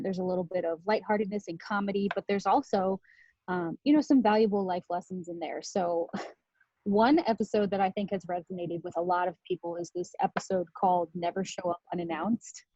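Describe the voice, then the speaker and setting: A woman tells a story from her own life as a talk, candid and quick to laugh, swearing freely. Her voice is warm and mellow, mid-pitched. It is recorded dry, with a slightly dull lo-fi sound. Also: no room sound. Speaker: podcast host and speaker.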